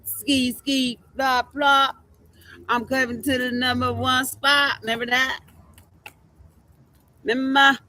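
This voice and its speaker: Brash, bright-voiced woman reading tarot. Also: high-pitched, dry recording. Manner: brash, profane, boastful, repeats herself. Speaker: tarot reader and streamer. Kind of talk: casual livestream tarot commentary.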